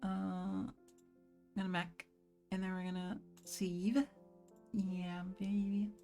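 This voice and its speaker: Joking, animated woman streamer. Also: lowish voice, slow, soft background music. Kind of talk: casual gameplay commentary.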